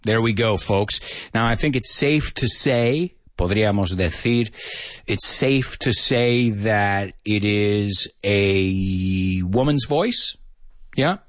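A man hosting a casual live English lesson, animated and chatty, slipping between English and Spanish phrases and laughing often. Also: lowish voice, slow pace, no echo, clean studio sound.

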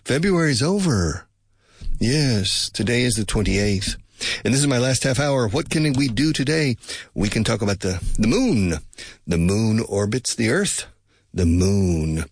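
An older American man talking slowly to his listeners as an English teacher, musing, repeating himself and dropping in Spanish glosses. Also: fairly low pitch, very animated, breathy edge, dry recording. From United States. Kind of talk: relaxed teaching monologue.

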